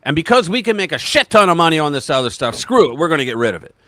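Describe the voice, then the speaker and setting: A man hosting a political livestream, talking in a casual, emphatic way that keeps restarting itself. His pitch swings widely as he gets worked up, and his voice sounds dry and close, with very little room sound. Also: racing, no echo. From United States. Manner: animated, emphatic, talks over himself with restarts and quoted voices.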